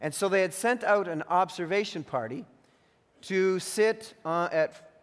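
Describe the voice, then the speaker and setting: Slow high-voiced man preaching in a hall. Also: clean tone. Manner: earnest, teacherly, stresses key phrases. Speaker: pastor. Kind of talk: sermon. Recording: long reverb of a large hall.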